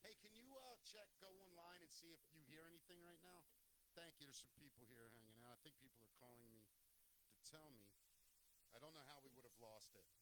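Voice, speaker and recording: A man's voice: fairly high pitch, fairly quick, bright, forceful tone, a little hiss or hum. A man hosting a live talk show, speaking earnestly and rambling, often correcting himself mid-sentence.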